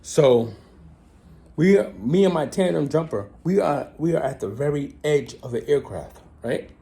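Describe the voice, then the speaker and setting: A man tells a story to his viewers in a casual monologue. His voice swings lively up and down as he dramatizes events. He keeps checking in with the listener by asking "right?". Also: fairly high pitch, measured pace, vocal fry. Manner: animated, repeats "right?" often, dramatic retelling. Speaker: vlogger.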